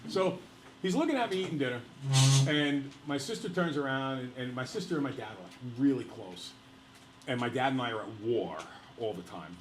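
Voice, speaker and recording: A male teacher telling a personal story to his class in a lively, laughing way, speaking to the students directly. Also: medium pitch, brisk, roomy sound, background noise.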